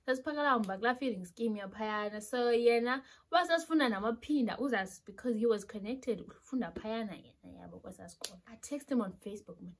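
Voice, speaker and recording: A young woman from South Africa with a South African accent tells a story in a slightly husky, fairly high voice. Her delivery is animated and casual, and she slips between languages mid-sentence. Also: fast talker, few pauses. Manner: animated storytelling, switching between Xhosa and English. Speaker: YouTuber.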